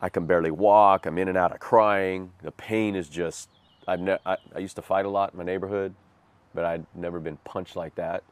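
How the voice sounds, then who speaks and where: A man's voice: sits low, steady tone, moderate pace, clear, resonant tone, dry recording. A man recounting a hard chapter of his life as a personal testimony, earnest and self-deprecating. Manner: earnest, self-deprecating, vivid retelling with rueful laughs. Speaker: guest sharing his life story.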